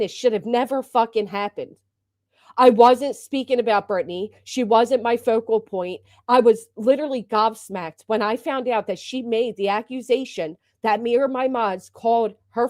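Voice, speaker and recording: A fairly high-pitched woman rants on her livestream, heated and indignant, swearing freely as she vents. She sounds agitated and upset. Her voice is close and dry, with no room sound. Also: normal speed, darkish tone, no echo. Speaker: livestream host. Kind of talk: angry livestream rant.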